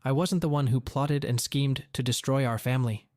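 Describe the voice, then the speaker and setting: A man's voice: medium pitch, normal speed, a little mellow, dry recording, clean studio sound, lightly acted. A man voicing a blunt, confrontational middle-aged father in a story reading. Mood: angry.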